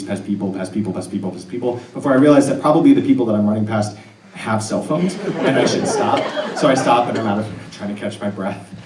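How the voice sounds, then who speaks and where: Man telling a story from a stage. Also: fairly low pitch. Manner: earnest, animated, with laughing asides. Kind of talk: live personal storytelling. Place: stage in an arts center hall. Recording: roomy hall audio picked up from a distance.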